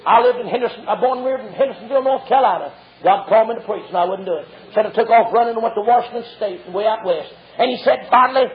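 Man, revival preacher, very high voice, shouting, muffled old tape. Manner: fiery, shouting, drawn-out emphatic lines. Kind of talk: revival sermon. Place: church before a congregation. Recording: dull lo-fi sermon tape.

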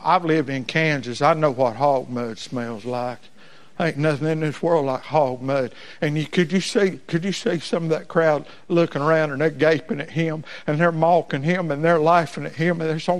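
A man's voice: a little high, normal speed. A man preaching a sermon in a folksy cadence that climbs into impassioned, ringing peaks.

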